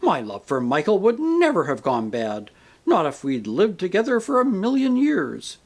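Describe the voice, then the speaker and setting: A man voicing a grieving woman ghost, a possessive mother who talks in a sharp, demanding, indignant way, for a storybook reading. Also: high voice, wildly swooping pitch, normal speed, pitched above the performer's own voice, exaggerated voice. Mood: indignant, aggrieved. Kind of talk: audiobook character reading.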